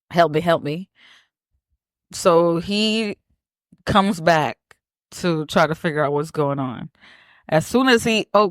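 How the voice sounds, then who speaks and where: A woman co-hosting a podcast, retelling a film scene in a lively, blunt, joking way. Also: on the low side, no echo, clean studio sound. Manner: animated storyteller, acts out characters, blunt and profane. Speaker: podcast co-host. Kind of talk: casual movie recap chat.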